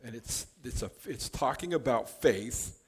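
A man giving a conversational Bible teaching, explaining verses in a relaxed way with offhand joking asides. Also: medium pitch, a little slow, breathy edge.

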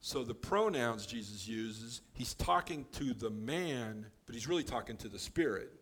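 A man giving a conversational Bible teaching, explaining verses in a relaxed way with offhand joking asides. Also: medium pitch, moderate pace, husky.

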